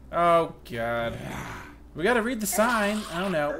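A young man commenting casually as he plays a video game, excitable and self-mocking, with sudden loud outbursts. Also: sits high, measured pace. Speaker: gaming channel host. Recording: faint music behind the voice.

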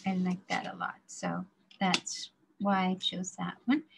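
A woman teaching a drawing class, explaining slowly and carefully while she demonstrates, now and then murmuring to herself as she works. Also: lowish voice, monotone, vocal fry, background noise. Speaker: design drawing instructor.

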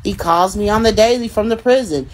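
A woman's voice: medium pitch, brisk. A young adult woman hosting a casual livestream, calling out commenters in a profane, teasing way and laughing between remarks. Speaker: livestream host reading comments.

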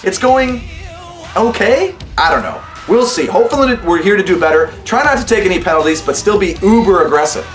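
A young man with a fairly high voice gives let's-play commentary on his gaming channel. He swings his pitch wide and sounds sarcastic, often griping at a coach in the game, while soft music runs behind him. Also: lively intonation, brisk, roomy sound.

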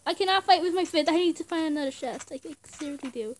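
Shrill, very high-pitched young woman gamer. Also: expressive, fast talker. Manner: screams and laughs often, speaks in short outbursts. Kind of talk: casual gameplay commentary.

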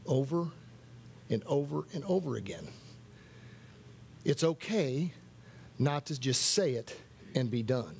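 A man's voice: medium pitch, a little mellow, a little hiss or hum. A man preaching at a worship night, earnest, repeating key phrases for emphasis. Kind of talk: sermon.

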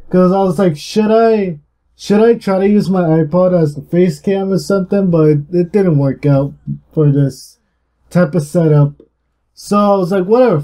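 A young man narrates his gameplay in a loose, rambling way, peppered with swearing. His voice sits slightly high yet sounds dark and mellow, and he talks at an unhurried, slow pace, with an energetic, louder-than-usual push. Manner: rambling and heavily profane. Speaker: gaming YouTuber. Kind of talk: casual gameplay commentary.

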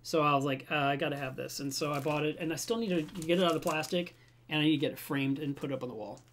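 A man hosting a home livestream about reef aquariums, chatting casually to his webcam and telling stories in an animated way. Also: a little high, very fast, slight background noise. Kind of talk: casual livestream chat, reading viewer comments.

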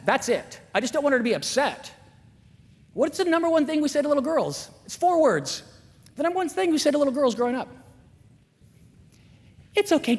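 A man giving a candid, self-mocking, animated storytelling talk at a school chapel. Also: very high-pitched, breathy edge. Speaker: chapel speaker. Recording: long reverb of a large chapel.

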